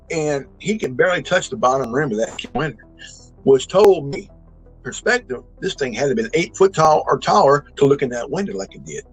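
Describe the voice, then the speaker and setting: On a rough recording, a slightly high-voiced man in his 60s describes a real encounter he saw firsthand. His casual storytelling is folksy and meandering, packed with restarts and emphatic bursts.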